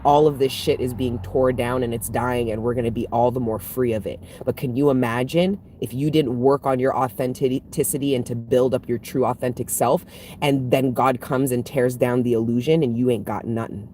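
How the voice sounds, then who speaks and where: A woman's voice: a bass voice, fairly even intonation, normal speed, dark tone, slight background noise. A woman hosting a spiritual livestream, chatting casually and frankly with viewers, swearing freely and laughing often. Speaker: spiritual reader and livestream host. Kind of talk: casual livestream chat reading viewer comments.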